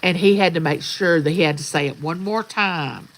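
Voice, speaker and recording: A woman's voice: fairly low pitch, normal speed, rough recording. An older woman, telling folksy stories in a rambling, casual chat outdoors. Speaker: vlogger. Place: outdoors at sunrise.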